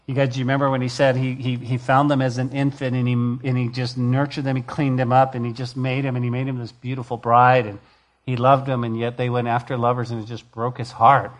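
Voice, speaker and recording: A man's voice: mid-range voice, little pitch movement, brisk. A man preaching a sermon as pastor, reading scripture and rising to emphatic, passionate preaching.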